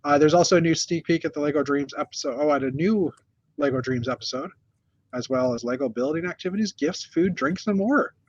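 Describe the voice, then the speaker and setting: Guy host rambling thru news, lots of uh and um, fairly high voice, dead dry sound. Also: fairly quick, dry recording, lo-fi sound. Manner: rambling, many fillers, self-correcting. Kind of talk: casual chat on news. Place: hotel room.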